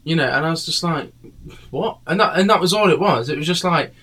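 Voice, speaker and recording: A man's voice: on the high side, fast talker, bright, forceful tone. A tired man tells a meandering story in a casual podcast chat. He swears freely and fills his sentences with "um" and "you know". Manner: rambling storytelling, many fillers and swearing.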